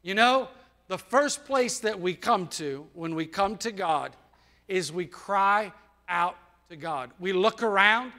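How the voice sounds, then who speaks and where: A man's voice: sits high, expressive, slow pace, pushed and bright. A man preaching a sermon in a folksy, conversational way, asking the congregation rhetorical questions. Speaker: pastor. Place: church.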